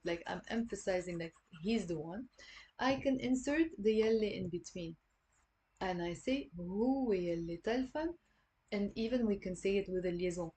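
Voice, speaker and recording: Mellow-voiced Lebanese woman teaching slowly. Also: medium pitch, a little hiss or hum. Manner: patient, repeats words slowly for learners. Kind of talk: online language lesson.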